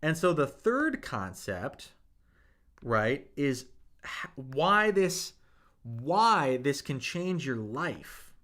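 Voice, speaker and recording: A man's voice: medium pitch, big pitch swings, extremely slow, sharp tone. A young man teaching Mandarin on a livestream, reading chat comments and coaching with enthusiastic, hyped-up energy.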